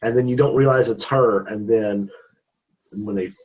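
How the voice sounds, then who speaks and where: A man co-hosting a casual podcast chat, chiming in with relaxed reactions and comments. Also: fairly low pitch, normal speed, lo-fi sound. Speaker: podcast co-host.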